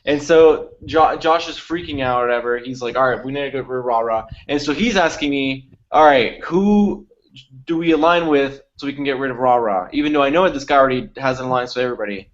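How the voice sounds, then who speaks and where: A man's voice: mid-range voice, brisk, lo-fi sound. A young man co-hosting a podcast, telling a long story in casual chat, acting out quotes and swearing freely. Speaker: podcast co-host.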